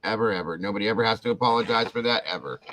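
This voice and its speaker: A man's voice: fairly low pitch, rapid-fire, slight background noise, low-quality recording. A man hosting a casual livestream, greeting viewers by name and thanking them effusively. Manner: warm, effusive, calls out viewer names. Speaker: livestream host.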